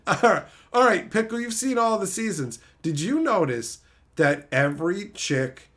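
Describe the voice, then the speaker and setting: Here a male streamer's voice sits high and swings widely in pitch, with a measured pace and fairly bright tone. In casual chat he tears into a show, cursing a lot and imitating people in mocking voices.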